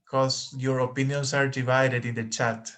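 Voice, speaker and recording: A man's voice: mid-range voice, level tone, normal speed, a bit bright. A man teaching an online English class, patiently repeating words for his students.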